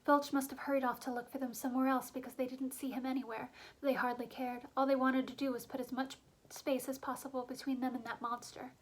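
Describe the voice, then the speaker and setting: A woman narrating a children's fantasy novel aloud in a brisk, lively storytelling manner. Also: high-pitched, rough recording. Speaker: reader. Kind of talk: audiobook narration.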